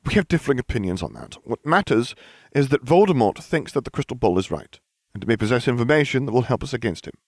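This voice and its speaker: A man voicing a bossy, studious teenage girl who is a witch, in a higher, precise, exasperated tone. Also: big pitch swings, quick pace, darkish tone, no echo, studio quality. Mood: earnest, bossy.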